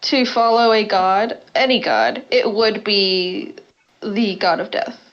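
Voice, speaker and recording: A woman with a Southern US accent, chatting casually as game master of a tabletop game, animated and teasing. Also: medium pitch, slow pace, highs cut off.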